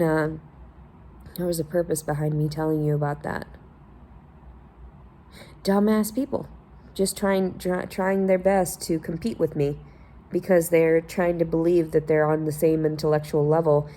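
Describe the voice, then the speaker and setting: A woman with a lowish, mellow voice hosts a podcast alone. She rants in a casual monologue, sarcastic and heavy on profanity, mocking the people she talks about. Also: little pitch movement, normal speed, a little hiss or hum. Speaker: podcast host.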